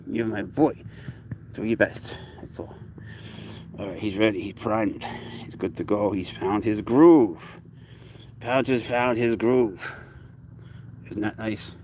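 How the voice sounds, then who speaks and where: A man's voice: on the low side, fairly even intonation, slow pace, long pauses, a little mellow, a little hiss or hum. A man casually chatting while out with his pet cat, rambling about life and switching into cooing baby talk for the animal. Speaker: cat owner vlogger. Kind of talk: casual outdoor vlog chat. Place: outdoors by a lake.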